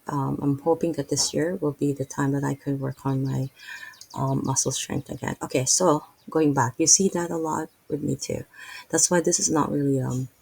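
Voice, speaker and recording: Gravelly husky Filipino-accented woman. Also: low voice, warm tone, poor audio. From Philippines. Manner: halting, rambling, many restarts and fillers; earnest, openly emotional about faith. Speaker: vlogger and massage therapist. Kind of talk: unscripted casual vlog talk.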